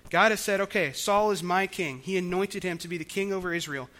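A man's voice: high voice, fairly quick, a bit bright. A man preaching a sermon, explaining scripture in a conversational way with frequent restarts. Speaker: pastor.

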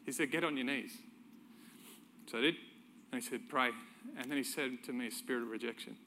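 A man's voice: mid-range voice, steady tone, fast talker, bright, forceful tone, a little hiss or hum. A middle-aged man, preaching a sermon by telling a personal story in a conversational way, chuckling now and then.

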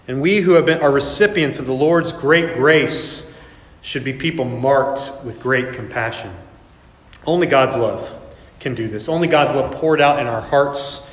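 A man's voice: a little high, unhurried, a bit bright, echoey room, big-room sound. A male pastor preaching a sermon, acting out quoted voices with laughing asides.

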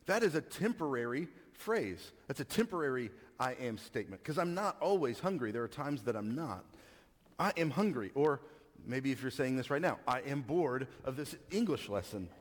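A man's voice: medium pitch, sing-song, normal speed, slight background noise. A man from Texas, preaching a casual teaching sermon and asking the congregation questions. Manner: conversational teaching, asks the audience questions, frequent restarts. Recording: reverberant hall.

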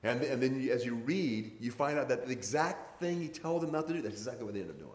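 A man's voice: medium pitch, expressive, fast talker, reverberant. A man preaching a sermon in a conversational way, pressing harder on his key points. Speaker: pastor.

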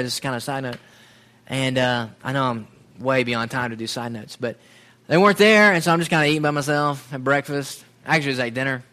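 Alabama man telling a faith story. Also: fairly high pitch. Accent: Southern American (Alabama). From Southern Alabama. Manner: storytelling, animated, drops to quiet reflection. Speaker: speaker giving a testimony. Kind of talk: sermon-style personal testimony.

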